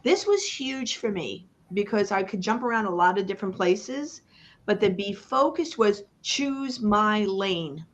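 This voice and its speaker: A woman business coach speaking as a guest on a live online panel, giving a motivational talk with emphatic, chant-like repetition and dramatic pauses. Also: medium pitch, animated.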